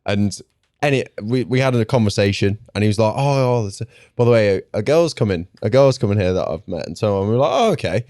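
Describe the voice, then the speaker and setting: A man's voice: on the low side, fast, no echo, studio quality. A young man as a podcast guest in casual chat, telling stories with energy and acting out what people said. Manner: animated storyteller, acts out quotes.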